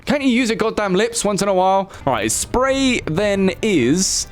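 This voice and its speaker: An excitable male gaming YouTuber giving casual commentary, with a slightly raised voice that swings widely in pitch. He swears freely and jokingly scolds himself. Faint game music plays in the background. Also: moderate pace.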